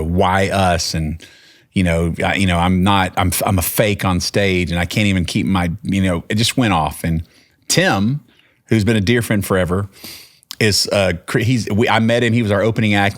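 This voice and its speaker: A low-pitched man with a Texan accent tells a story in relaxed podcast chat. He wanders, restarts sentences and slips into quoting people as he goes. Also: normal speed. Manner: rambling, with many restarts and quoted dialogue. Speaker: podcast guest, singer-songwriter. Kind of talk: casual storytelling.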